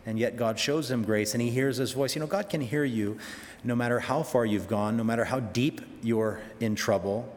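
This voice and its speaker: Man, preacher, sermon, mid-pitched voice, emphatic, rhetorical questions, long hall reverb. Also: normal speed, a little hiss or hum.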